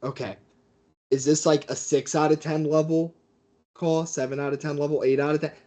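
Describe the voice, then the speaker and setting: A man who works as a fight commentator, telling stories as a guest in a casual interview with a mid-pitched voice. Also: moderate pace. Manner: animated storyteller.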